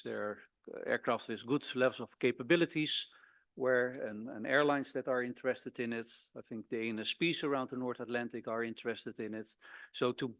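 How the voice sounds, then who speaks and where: An older man delivers a conference presentation at a middle pitch. He talks hesitantly, restarting and repeating words as he goes. The sound is dry and close, with little room. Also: no room sound. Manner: hesitant, repeats words while searching for them. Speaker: conference speaker.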